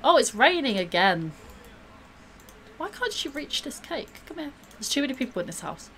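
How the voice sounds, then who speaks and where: A woman's voice: on the high side, sing-song, a little fast, fairly bright tone, a little hiss or hum. A woman gives bubbly, gushing live-stream commentary while she plays a game, gasping and laughing often.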